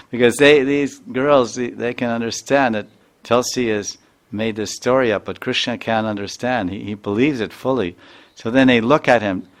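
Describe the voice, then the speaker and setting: A man, a spiritual teacher, telling a devotional story in an earnest sermon with many repetitions. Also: medium pitch.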